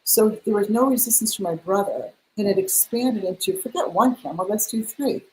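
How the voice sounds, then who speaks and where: A woman's voice: mid-range voice, brisk, rough recording. Chatty middle-aged woman telling a story. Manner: animated, acts out quoted dialogue. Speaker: guest, spiritual mentor. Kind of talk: storytelling in a casual interview.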